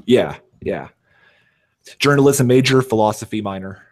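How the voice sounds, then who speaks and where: A man's voice: fairly low pitch, lively intonation, moderate pace, darkish tone. A man chatting casually as a podcast guest, rambling with lots of fillers and poking fun at himself. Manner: rambling, self-deprecating, many fillers. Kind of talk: casual chat.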